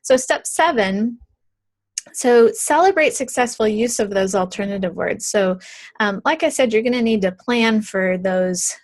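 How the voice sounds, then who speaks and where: A woman's voice: on the high side, a little slow, no echo. A middle-aged woman, an early childhood educator, talks parents through a tutorial step by step in a conversational way, with frequent ums and restarts.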